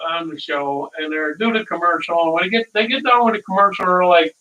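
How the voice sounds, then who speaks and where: A man's voice: high-pitched, expressive, brisk, bright, forceful tone. A man hosting a casual live cooking stream, rambling through stories and chuckling at his own dad jokes, from a distant mic.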